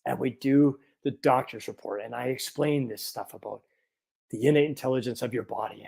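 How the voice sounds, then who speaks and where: A chiropractor in his fifties telling a personal story in an animated, earnest way. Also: mid-range voice, brisk, vocal fry, husky. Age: 50s.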